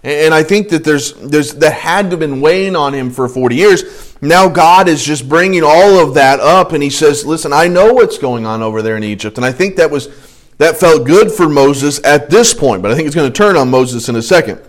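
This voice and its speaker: Man teaching an adult Bible class. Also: on the high side. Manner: conversational, thinks aloud with restarts and asides, reads scripture slowly.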